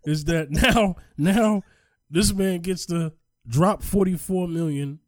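A man's voice: high-pitched, takes it slowly, no room sound. Emphatic man on a dry podcast mic. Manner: animated, emphatic storytelling. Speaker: podcast co-host. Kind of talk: casual chat.

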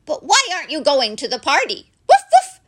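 A woman's voice: high-pitched, sing-song, brisk, pushed and bright, voice pushed up, full character voice. A woman putting on a yapping rude little dog. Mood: rude, boastful. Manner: barks between every few words. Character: loud boastful rude little male dog.

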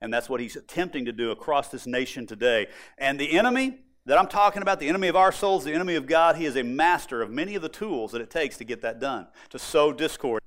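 A male pastor preaching a sermon, emphatic and expressive, building points by repetition. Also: a little high, quick pace.

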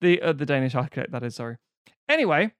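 A man's voice: mid-range voice, sing-song, a bit bright, no room sound, studio quality. Sweary man recapping a film. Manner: sweary, mocking, acts out characters in quick voices. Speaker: podcast co-host. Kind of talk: casual film recap chat.

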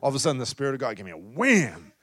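A man preaching a charismatic sermon, swinging between loud exhortation and soft, intimate asides, often adding "come on" and "right?". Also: mid-range voice, huge pitch swings, rapid-fire, breathy edge, no room sound. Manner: peppers talk with "come on" and "right?".

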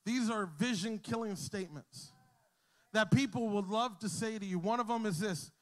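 A male pastor with a high, bright-pitched voice delivers a sermon to his congregation. He tells stories with easy humor, then climbs in volume and intensity until he is shouting. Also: moderate pace. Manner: storytelling, jokes with the crowd, builds to shouting. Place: church hall with a congregation.

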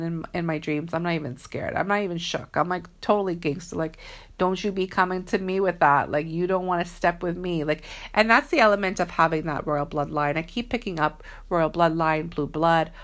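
Slangy, earnest woman with a low voice. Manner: earnest, chatty, slangy, many fillers. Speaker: spiritual reader. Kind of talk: casual spiritual vlog talk.

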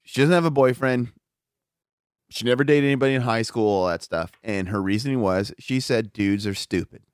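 A man's voice: mid-range voice, moderate pace, clean tone, dry recording, studio quality. A forty-year-old man telling a story in casual chat, swearing freely and acting out quotes. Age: 40s. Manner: profane, animated storytelling with acted-out quotes.

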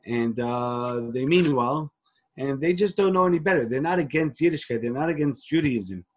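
A rabbi and organization leader from Queens, New York, tells his story as an interview guest, earnest and full of restarts, dropping Hebrew and Yiddish phrases. His medium-pitched voice is expressive and moderately paced, and the highs in the recording are cut off.

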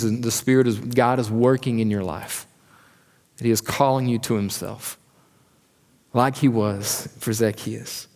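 A man's voice: medium pitch, darkish tone. A man preaching a sermon as pastor, earnest and asking the listeners direct questions. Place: church hall. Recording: church sermon with long hall reverb.

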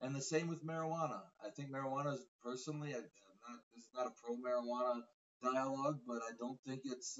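A man co-hosting a casual podcast, earnest and opinionated, giving his views in a measured way. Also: mid-range voice. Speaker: podcast co-host. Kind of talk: casual conversation. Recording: lo-fi audio from a distance off mic.

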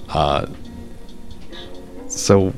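A man's voice: drawn-out words, soft background music. A man hosting a podcast, giving blunt, profane, sarcastic commentary on an article he reads aloud, stumbling over restarts when worked up. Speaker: podcast host.

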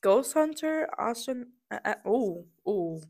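A woman's voice: a little high, expressive, takes it slowly, a little mellow. A young woman co-hosting a casual chat, talking and giggling while she eats snacks. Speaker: co-host.

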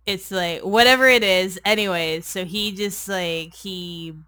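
A woman's voice: mid-range voice, measured pace, sharp tone, clear, resonant tone. A woman casually recapping a movie on a comedy podcast, rambling and sarcastic, swearing often and saying "like" constantly. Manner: rambling, sarcastic, crude, heavy use of "like". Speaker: podcast co-host.

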